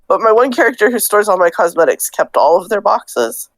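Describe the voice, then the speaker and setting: A woman's voice: medium pitch, a little fast, no room sound, poor audio. A woman co-hosting a game podcast in casual chat, playful and matter-of-fact. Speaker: podcast co-host.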